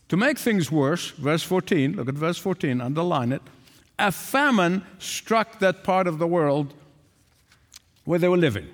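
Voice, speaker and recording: A man's voice: fairly high pitch, animated, moderate pace. An older man preaching a sermon, emphatic, repeating phrases for stress. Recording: long hall reverb.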